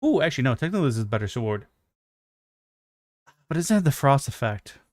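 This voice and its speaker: A man's voice: medium pitch, very animated, quick pace, darkish tone, a little hiss or hum. A man streaming a video game, chatting casually with heavy swearing, ranting and mocking himself. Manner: profane, ranting, self-mocking. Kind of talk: casual gaming stream chat.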